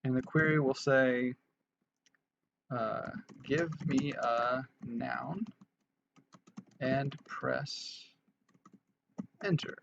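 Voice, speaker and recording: Man, casual coding tutorial, thinks aloud with restarts and fillers, gravelly voice, dull lo-fi mic, faint keyboard clicks. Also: mid-range voice, extremely slow, long pauses, noisy background. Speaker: programming tutorial instructor.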